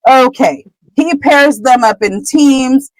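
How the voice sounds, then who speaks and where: A woman's voice: high-pitched, takes it slowly, no echo, low-quality recording. A woman co-hosting a podcast, chattily retelling a chapter, laughing often and trailing off with "whatever.". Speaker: podcast co-host. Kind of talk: casual chapter recap.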